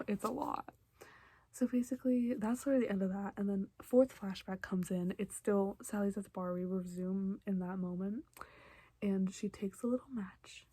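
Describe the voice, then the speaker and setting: Breathy young woman chatting emotionally. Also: medium pitch, steady tone, moderate pace, dry recording. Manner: chatty, emotional, often drops to a soft hushed voice. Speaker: reaction vlogger. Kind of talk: casual recap and reaction.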